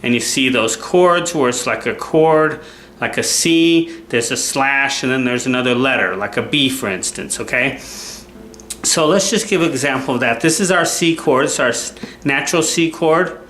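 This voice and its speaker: A man's voice: mid-range voice, moderate pace, a little hiss or hum. Man teaching guitar, checking in with "okay?". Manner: relaxed, repeats "okay?" to check in. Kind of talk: casual instructional talk. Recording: roomy sound with loud guitar playing. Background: guitar playing.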